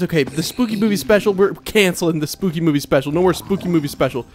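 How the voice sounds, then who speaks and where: A man's voice: on the high side, quick pace. A young man hosting a video game let's play, chatting casually and yelping with repeated words when things go wrong. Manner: animated, yelps and repeats himself when panicked. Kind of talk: excitable gameplay commentary. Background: soft game music.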